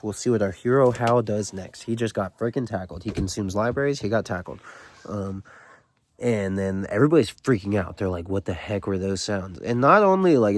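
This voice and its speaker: This man has a low voice and reads a novel aloud in a dry, close recording. He breaks off often to chat about it casually, in a slangy, rambling way with plenty of fillers. It sounds like an informal read-along host talking straight to his viewers. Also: dry recording. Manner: rambling, loose slangy talk with many fillers.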